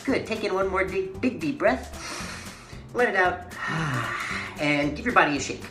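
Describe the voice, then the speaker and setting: A woman's voice: on the low side, expressive, a little slow. A woman teaching children a playful mime and movement lesson, giving sing-song, encouraging instructions. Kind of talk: guided movement lesson for kids. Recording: echoey room with faint music.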